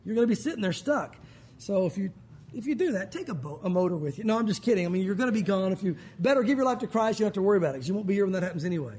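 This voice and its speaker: High, husky-voiced preacher. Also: male voice, lively intonation, rapid-fire, a little mellow. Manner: conversational, joking asides. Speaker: pastor. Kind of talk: sermon.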